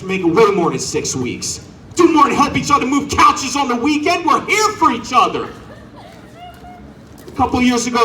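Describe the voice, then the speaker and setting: A man's voice: sits high, pushed and bright, echoey room, distant mic. A man doing a stand-up set outdoors, teasing the crowd and acting out characters. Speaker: stand-up comedian. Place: outdoor show on a front lawn. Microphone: corded handheld mic.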